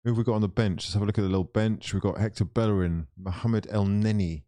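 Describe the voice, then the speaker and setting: A man hosting a live football watchalong. He swears freely, talks straight to his viewers and swings between frustration and excitement. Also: fairly low pitch, quick pace.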